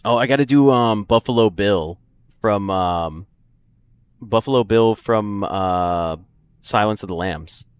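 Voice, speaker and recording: A man's voice: fairly low pitch, takes it slowly, clear, resonant tone, dry recording. A man streaming a puzzle game, chatting casually and joking with his viewers. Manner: joking, chatty, laughs often. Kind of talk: casual gaming commentary.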